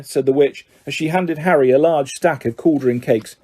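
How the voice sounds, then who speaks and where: A man reading an audiobook aloud in a steady, measured storytelling manner. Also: mid-range voice, slightly rough. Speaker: audiobook reader. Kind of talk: audiobook narration.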